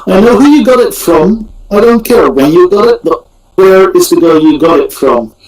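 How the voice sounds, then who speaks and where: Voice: mid-range voice, expressive, moderate pace, darkish tone, rough recording. A player speaking in character during a tabletop game, blunt and direct. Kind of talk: in-character play.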